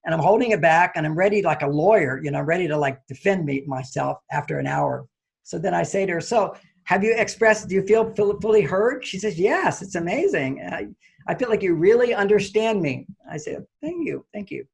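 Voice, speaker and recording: Speaking briskly and expressively, this male relationship author tells a story from his own life as an interview guest. He mimics his past reactions in abrupt, high, loud bursts, and his tone is husky with vocal fry.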